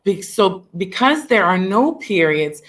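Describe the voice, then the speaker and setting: Woman, teacher, mid-pitched voice, poetry lesson, asks questions, praises and repeats answers. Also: very animated, measured pace. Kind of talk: leading a class discussion on poetry.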